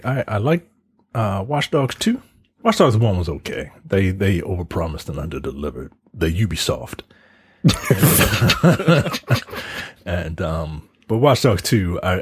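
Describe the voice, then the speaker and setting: A man's voice: sits low, breathy edge, no echo, clean studio sound. A man co-hosting a casual gaming podcast, joking and swearing freely in loose banter.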